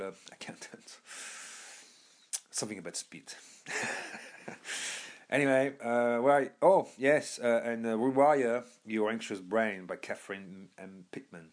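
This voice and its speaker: A man's voice: fairly low pitch, steady tone, unhurried. A young man from Birmingham talking casually as a podcast host, rambling with many fillers and restarts. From Birmingham, England. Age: young adult. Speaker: podcast host recommending books. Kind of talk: casual monologue.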